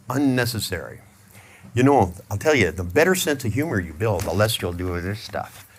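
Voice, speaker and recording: Man, middle-aged, low voice, joking seminar speaker, storytelling, faint background noise. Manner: joking, storytelling, acts out little scenes. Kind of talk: humorous motivational talk to a live audience.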